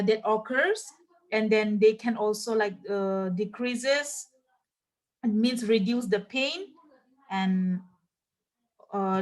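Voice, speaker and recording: A woman with a somewhat high voice teaching a class. She spells out terms letter by letter and stops often to quiz her students. Her talk is full of "uh" and "like", and she often repeats herself. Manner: many fillers like "uh" and "like". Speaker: nursing teacher. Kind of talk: classroom lecture.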